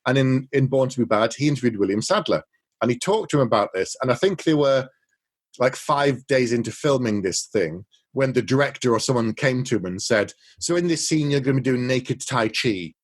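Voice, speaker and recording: A man's voice: medium pitch, lively intonation, a little fast, slightly rough. Guy cohosting, casual chat, acts out movie lines while retelling scenes. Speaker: podcast co-host.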